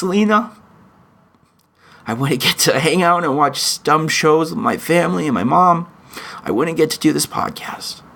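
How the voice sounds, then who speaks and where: A man hosting his own podcast, delivering an emotional, pleading opinion monologue with frequent halting restarts. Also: fairly high pitch, fairly bright tone. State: in chronic pain. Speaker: podcast host.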